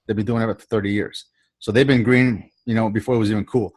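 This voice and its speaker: A man's voice: fairly low pitch, fairly even intonation, fast talker, darkish tone, slightly rough. A man coaching a sales trainee on a video call, talking in a casual, repetitive way and acting out the lines he quotes.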